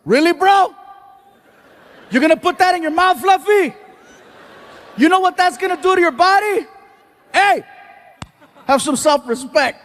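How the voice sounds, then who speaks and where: A man impersonating a loud, pushy male friend who scolds him at breakfast. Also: very high voice, expressive, measured pace, long pauses, pitched above the performer's own voice, exaggerated voice. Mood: scolding. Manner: yelling, scolding.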